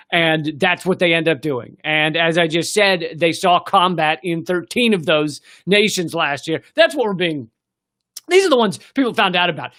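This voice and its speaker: High-voiced sarcastic American man ranting. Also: fairly bright tone. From United States. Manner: sarcastic, profane, mocking asides. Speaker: political comedy show host. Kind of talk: sarcastic political commentary.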